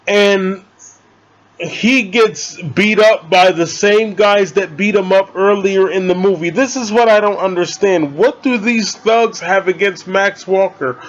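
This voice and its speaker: A high-voiced man rambles through a movie review at an unhurried pace, excitable and swearing freely. His voice comes through a dull, lo-fi recording. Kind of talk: casual spoken movie review.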